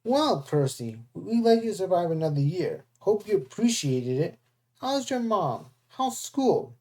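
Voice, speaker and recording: A reader puts on a smooth, scheming young man from a storybook, calm and mocking as he tries to win someone over. The voice sits at a middling pitch, neither high nor low. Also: unhurried. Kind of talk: storybook read-aloud.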